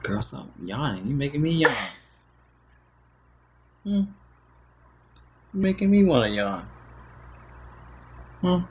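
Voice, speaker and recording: Sing-song dad with lively pitch. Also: male voice, slow, long pauses, husky, muffled recording. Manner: sing-song baby talk to his daughter, aside to viewers. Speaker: livestream host and father. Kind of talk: casual livestream chat. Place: at home, moving to the kitchen.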